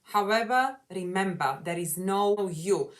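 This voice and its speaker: A woman's voice: medium pitch, animated, unhurried. Woman coach leading an English lesson. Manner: guides the lesson, frequent affirming "mm-hmm". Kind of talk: grammar lesson, co-presenting.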